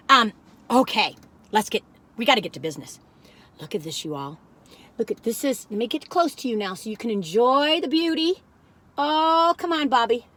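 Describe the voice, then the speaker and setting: A woman talks to her viewers like old friends in a cookie-review vlog. Her voice sits high, and she is folksy and quick to giggle, humming little jingles between thoughts. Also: a bit bright. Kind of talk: chatty cookie-tasting vlog.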